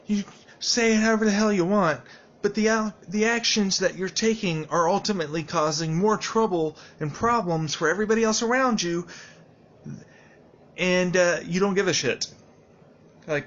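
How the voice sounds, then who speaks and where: A man recording a video journal, lecturing bluntly and with plenty of profanity. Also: high-pitched. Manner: calmer, quieter, still blunt. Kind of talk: angry video journal rant. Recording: dull lo-fi sound with faint noise.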